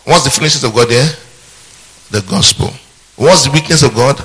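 Husky, forceful preaching man. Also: mid-range voice, moderate pace, rough recording. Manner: call-and-response questions to the congregation; humorous asides. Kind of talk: sermon teaching.

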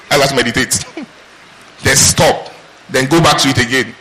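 A man's voice: medium pitch, sing-song, slow pace, sharp tone, slight background noise, poor audio. A man preaching a sermon, asking rhetorical questions and answering them in call-and-response. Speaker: pastor.

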